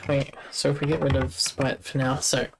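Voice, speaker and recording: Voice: medium pitch, flat delivery, normal speed, vocal fry, noisy background. A young adult, live-streaming game development and chatting casually with viewers while thinking aloud over code.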